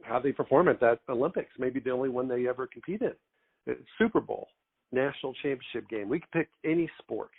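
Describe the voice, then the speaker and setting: A middle-aged man hosts in a measured way, building up long questions step by step. His voice is gravelly, with a mid-range pitch. It comes through a tinny, phone-like line. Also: lively intonation. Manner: deliberate, long wind-up questions. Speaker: podcast host. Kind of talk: interview questions.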